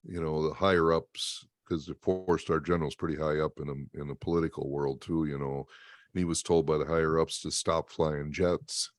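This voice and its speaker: A man telling stories in an interview, emphatic and animated, laughing often. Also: a bass voice, moderate pace, no echo, studio quality. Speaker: interview guest and motivational speaker. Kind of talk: storytelling in an interview.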